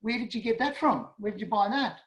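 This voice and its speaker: A man's voice: high-pitched, brisk, a bit bright, roomy sound, poor audio. A man doing a friendly office boss. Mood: curious. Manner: easygoing, chuckling banter. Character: friendly male office manager, laid-back.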